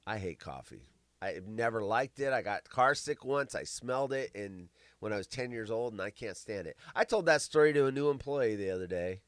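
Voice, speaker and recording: A middle-aged man hosting a live show, rambling and swearing, with big swings between loud bursts and mumbling. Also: on the low side, expressive, normal speed, no echo. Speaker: podcast host. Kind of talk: casual live-stream chat.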